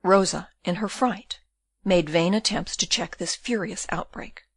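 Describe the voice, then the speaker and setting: A woman reading a classic novel aloud as an audiobook narrator, in steady storytelling. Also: fairly low pitch, unhurried, breathy edge, no room sound. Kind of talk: scripted narration.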